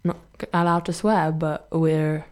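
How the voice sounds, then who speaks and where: A woman's voice: deep voice, flat delivery, a little slow. Chatty young English woman radio DJ. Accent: English, Brighton. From Brighton, England. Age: young adult. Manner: chatty, self-deprecating, laughs often. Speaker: student radio DJ. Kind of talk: casual radio chat.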